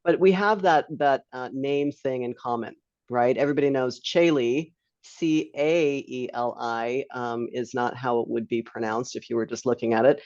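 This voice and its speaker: A woman's voice: extremely low pitch, normal speed, a little mellow, no echo. A woman hosting a live webinar in a chatty, casual way, with laughing asides, heard over a video call. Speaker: webinar host. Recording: dull lo-fi dry online stream.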